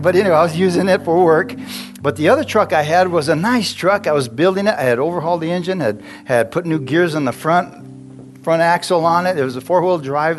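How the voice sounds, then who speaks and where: Male preacher, storytelling sermon, conversational and jokey, slightly higher voice. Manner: chatty, laughs often, asks the congregation questions. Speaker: pastor.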